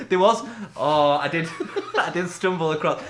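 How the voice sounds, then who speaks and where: A man's voice: a little high, sing-song, unhurried, a bit bright. A man co-hosting a casual podcast, chatty and giggling as he tells stories. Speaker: podcast co-host. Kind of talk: casual chat. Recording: echoey room with faint noise.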